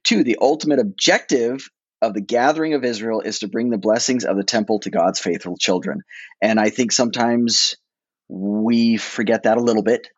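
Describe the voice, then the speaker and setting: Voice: medium pitch, steady tone, normal speed, husky, no room sound. Playful speaker with wry asides. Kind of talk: casual religious discussion. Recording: dry, slightly muffled audio.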